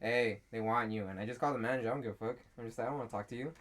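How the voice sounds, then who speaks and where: A man's voice: mid-range voice, very fast, a bit bright. Laid-back young man, faint hiss behind. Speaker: podcast co-host. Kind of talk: casual chat.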